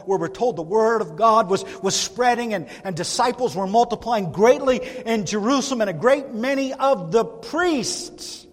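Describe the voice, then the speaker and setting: A male pastor preaching a sermon in a church, earnest and emphatic, with long pauses. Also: sits high, lively intonation. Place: church sanctuary. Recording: reverberant church hall.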